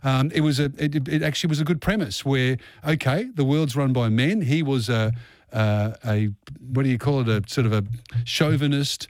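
A man's voice: mid-range voice, moderate pace, a little mellow, no echo. A man hosting a radio show, chatting casually and rambling through his opinions. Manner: chatty, rambling, laughs easily. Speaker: radio host.

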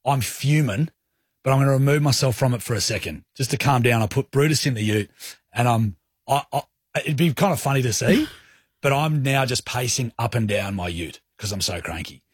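A man with an Australian accent hosting a radio show, telling stories with lively, acted-out quotes. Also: medium pitch, a little fast, breathy edge, no room sound, clean studio sound. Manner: animated storyteller, acts out his own lines. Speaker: radio host. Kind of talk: radio breakfast-show banter. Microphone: studio microphone.

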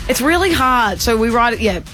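A woman co-hosting a radio show, telling a story in an animated, giggly way. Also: a little high, brisk, faint music behind. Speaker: radio co-host. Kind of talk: casual radio banter. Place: radio studio.

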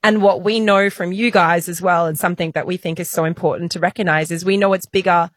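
A woman hosting a podcast, speaking earnestly and warmly in casual chat. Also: fairly low pitch, fairly even intonation, fast talker, no room sound, studio quality. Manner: heartfelt, earnest. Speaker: podcast host.

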